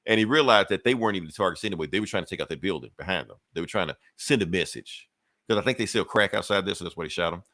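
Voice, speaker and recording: A man's voice: low voice, animated, racing, sharp tone, no echo, clean studio sound. A man hosting a podcast, retelling a comic book issue in loose, profane, chuckling casual chat. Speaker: podcast host.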